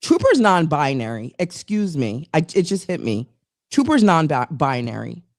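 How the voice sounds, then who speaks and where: A woman's voice: sits low, normal speed, no echo, studio quality. A woman co-hosting a casual talk show, telling a long, rambling story full of restarts and asides. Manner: animated, rambling, restarts stories. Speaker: co-host.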